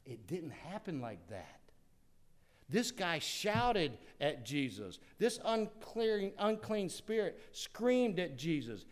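Dramatic preacher, higher-voiced man. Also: big pitch swings, slow pace. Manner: dramatic, swings from loud to hushed. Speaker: pastor. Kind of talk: sermon.

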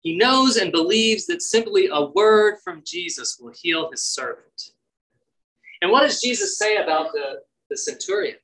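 A man's voice: high voice, sing-song, a little slow, sharp tone, rough recording. Earnest man preaching a devotional. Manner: earnest, prayerful, quotes with rising energy. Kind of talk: devotional sermon.

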